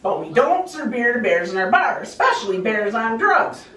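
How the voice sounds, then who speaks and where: A woman's voice: on the high side, sing-song, normal speed, a bit bright. A woman voicing a stubborn, polite male bartender in a joke, heard in a roomy space away from the mic. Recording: roomy and distant.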